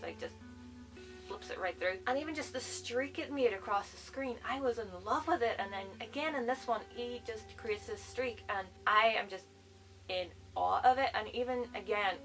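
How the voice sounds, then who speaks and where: A woman's voice: mid-range voice, fairly bright tone, far from the mic, poor audio. A woman chatting enthusiastically in a casual movie review vlog, full of fillers like "like.". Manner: gushing, chatty, lots of "like".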